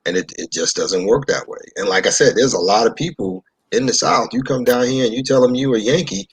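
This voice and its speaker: A man from New York in casual discussion, an animated storyteller who repeats himself. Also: mid-range voice, brisk, slightly rough.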